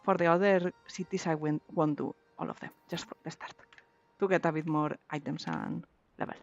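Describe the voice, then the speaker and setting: A woman chatting casually while streaming a video game, giggly and quick to repeat and restart her words. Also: low-pitched, steady tone, gravelly. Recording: slightly dull lo-fi mic. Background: faint background music.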